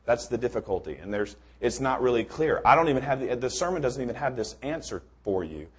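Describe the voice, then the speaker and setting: A medium-pitched, slightly rough male voice moves briskly with big pitch swings in an informal sermon. The easygoing preacher chats and rambles, restarting often and cracking jokes before he gets to scripture.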